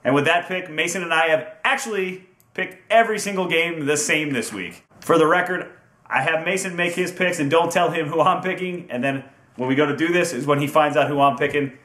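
Fairly quick and sharp-toned, a man with a voice on the high side hosts a casual football predictions chat. He's cheerful and teasing, lengthening team names for amusement, and the room is echoey.

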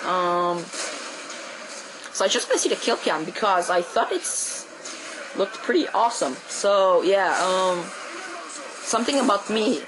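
This Quebec French–accented man, a native French speaker from Quebec, Canada, talks through a game casually, yelping high and swearing in bursts. He's expressive, a little slow, pauses often, and there's noise in the background.

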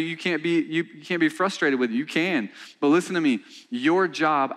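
A male pastor preaching a sermon in a church, animated and conversational, repeating himself and calling out to his congregation. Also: on the high side. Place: church sanctuary.

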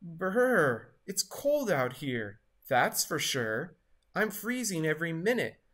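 A cheerful, shivering snowman, as a woman reads him aloud, stretches his words slowly and lets his voice swoop around. He sounds childlike and friendly, a storybook character fighting the cold. The delivery is unhurried and lively. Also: deep voice, heavily acted.

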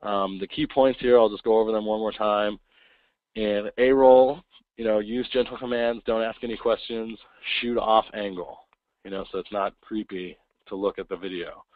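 A man giving a casual webinar talk, acting out quick voices of kids and parents. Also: fairly low pitch, fairly even intonation, no echo. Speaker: webinar presenter. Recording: tinny phone-like line, dry.

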